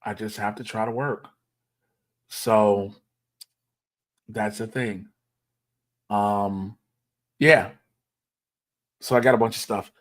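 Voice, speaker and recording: A man's voice: fairly low pitch, steady tone, slow pace, pauses often. Man mumbling to himself on a livestream. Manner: mumbling, talking to himself while fiddling with software; loose, profane slang. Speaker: stream host. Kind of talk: casual livestream chatter.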